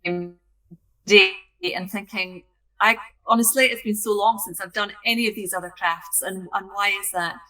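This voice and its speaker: A woman's voice: mid-range voice, fairly even intonation, moderate pace, pushed and bright, faint music behind, low-quality recording. A woman from Scotland co-hosting a casual crafting chat from her craft room over a video call, friendly and prone to digressing. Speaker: co-host, craft kit business owner.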